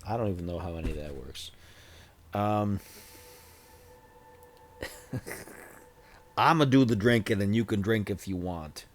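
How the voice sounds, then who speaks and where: A man in his forties with a somewhat low voice talks casually to his stream audience. He rambles from one thing to the next with self-deprecating, joking asides, close to a desk microphone. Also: expressive, measured pace, long pauses, a little hiss or hum. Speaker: livestreamer.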